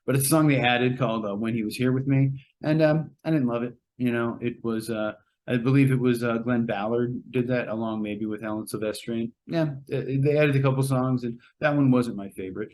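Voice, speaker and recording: A man casually reviewing a movie on a podcast, rambling and hesitant, with many pauses and fillers. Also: mid-range voice, steady tone, a little mellow. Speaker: podcast co-host reviewing a film. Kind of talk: casual spoken film review.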